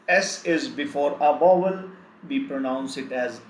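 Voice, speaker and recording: A man teaching a live online language lesson, slowly repeating example words again and again. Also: mid-range voice, roomy sound, rough recording. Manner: slow, repetitive, drills word lists.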